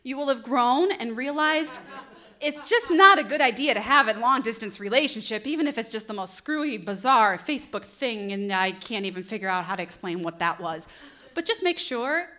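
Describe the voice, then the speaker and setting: A woman in her thirties from the northeastern United States telling a live story on stage, animated and self-mocking, laughing often. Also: a little high, normal speed. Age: 30s. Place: bar venue before an audience.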